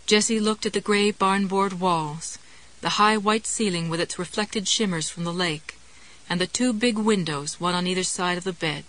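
A woman narrating a novel in a measured, wry storytelling manner. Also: on the low side, fairly bright tone, rough recording. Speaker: audiobook narrator. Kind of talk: scripted narration.

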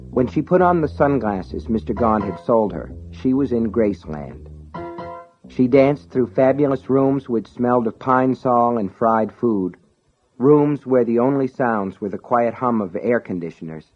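A man narrating an audiobook in a measured, dramatic way. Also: mid-range voice, lively intonation, faint music behind. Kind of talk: scripted narration. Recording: dull lo-fi recording.

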